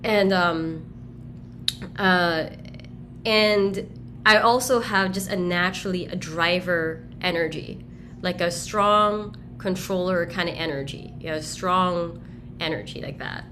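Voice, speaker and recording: A woman speaking as a roundtable guest on a video call, telling a story in a direct, energetic way. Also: lowish voice, slow, a little hiss or hum. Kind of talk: casual group discussion.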